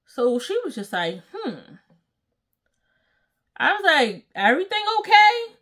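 Woman, young adult, high-pitched, very animated, storytime vlogger, slangy, acts out quotes. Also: slow pace. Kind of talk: casual storytelling.

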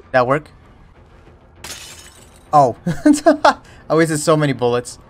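A man's voice: fairly high pitch, steady tone, slow, a little hiss or hum. A young man giving jokey, jumpy let's-play commentary on a horror game, yelping and panicking at scares. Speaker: streamer playing a horror game. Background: faint game music.

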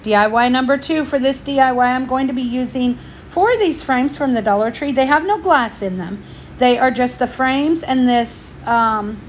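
A woman's voice: on the high side, a little hiss or hum. A woman, slightly out of breath, chatting through a step-by-step craft tutorial for her channel. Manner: chatty, homey, explains each step.

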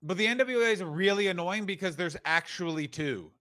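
A man's voice: high voice, a little fast, sharp tone, no echo. A man co-hosting a comedy podcast, rambling and riffing with mock outrage. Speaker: podcast co-host.

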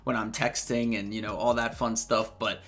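A man's voice: on the low side, flat delivery, normal speed, fairly bright tone. A young man in his twenties, a YouTuber giving casual, slangy commentary on text messages and chuckling often.

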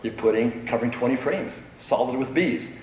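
A man's voice: mid-range voice, normal speed, darkish tone, slight background noise. A middle-aged man giving a talk at a convention, a chatty storyteller who laughs often and fills gaps with um and uh. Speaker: convention speaker. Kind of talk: conference talk with anecdotes. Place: large convention hall. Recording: echoey hall with strong reverb.

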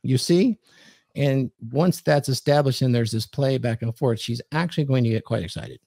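A man's voice: medium pitch, lively intonation, moderate pace, mellow, dry recording, clean studio sound. A man hosting a podcast, giving dating advice in casual chat and acting out quoted lines in a commanding tone.

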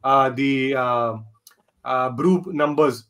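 A man's voice: mid-range voice, fairly even intonation, slow pace, fairly bright tone. A man, a panelist on a podcast, talking politics thoughtfully with lots of fillers and dry sarcasm. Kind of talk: casual political discussion.

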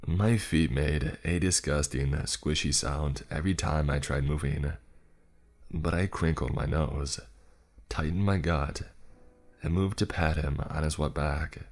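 Very deep, slow-voiced male horror narrator. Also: fairly even intonation. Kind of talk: scripted horror story narration.

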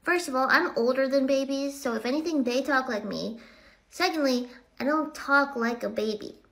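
A young woman with a very high, small-sounding voice talking candidly and casually to her phone camera, ranting and poking fun at herself. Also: moderate pace, gravelly, fairly bright tone. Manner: candid, ranting, self-mocking. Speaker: comedy creator.

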